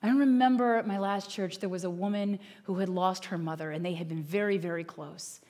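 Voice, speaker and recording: A woman's voice: fairly low pitch, steady tone, brisk, darkish tone. A woman pastor giving a sermon in an earnest, conversational way.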